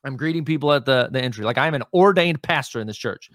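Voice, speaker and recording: Guesting on a podcast for a casual conversational interview, a lead pastor speaks with a medium-pitched, fairly bright voice and lively intonation, in clean studio sound without echo. His emphatic teaching keeps pressing "right?" and "hear me," with frequent fillers, restarts, and quick asides.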